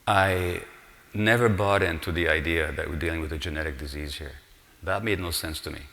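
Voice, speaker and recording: Older male conference speaker, very deep voice with a bright edge, earnest and explanatory, long hall reverb. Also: a little fast. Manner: earnest, explanatory, asks the audience rhetorical questions. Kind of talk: conference lecture. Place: large hotel conference hall.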